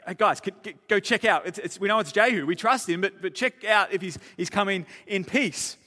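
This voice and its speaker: A man's voice: high voice, sharp tone, pitched above the performer's own voice. A man voicing a flustered king who stammers out orders to his guards. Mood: anxious. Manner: hurried, stammering. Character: panicky young-ish king giving orders. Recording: long church-hall reverb.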